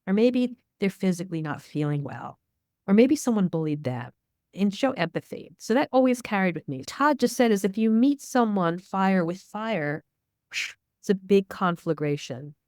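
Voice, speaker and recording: A woman's voice: medium pitch, animated, normal speed, a little mellow, dry recording, clean studio sound. A middle-aged woman, a media expert guest, answering interview questions in a candid, storytelling way. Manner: candid, storytelling, acts out dialogue.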